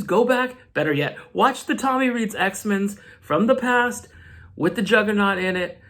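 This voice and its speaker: A man casually recapping a comic book with slangy, joking commentary. His voice is animated, and the pitch swings widely as he talks. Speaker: host.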